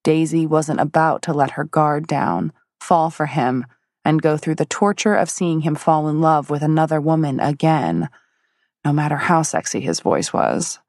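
A woman narrating a romance novel in a steady, measured storytelling manner. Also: low voice, no echo, clean studio sound. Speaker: audiobook narrator. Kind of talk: scripted narration.

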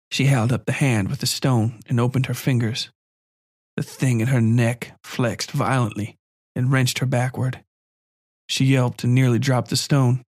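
A man narrating a first-person horror story in a measured, quiet, calm way. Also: medium pitch, no room sound, studio quality.

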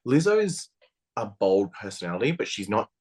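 A man co-hosting a podcast, chatting casually in a blunt, sweary and animated way. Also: lowish voice, moderate pace. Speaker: podcast co-host. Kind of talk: casual chat.

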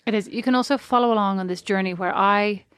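A woman's voice: medium pitch, fast, a bit bright, smooth, no room sound, clean studio sound. Sarcastic woman podcast co-host. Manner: sarcastic and playful. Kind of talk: casual chat with her sister.

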